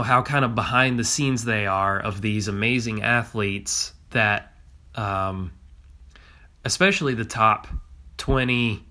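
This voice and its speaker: A man hosts a solo podcast, his voice thick and congested from illness. His tone is bright and forward, sitting a little low in pitch. He rambles casually, restarting phrases and leaning on fillers as he thinks aloud. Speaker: podcast host.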